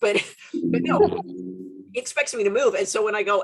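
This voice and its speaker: Young adult woman, from Canada, podcast host, casual storytelling, lively pitch, husky voice, swears. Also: moderate pace. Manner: animated storyteller, swears, laughs often. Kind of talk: casual chat.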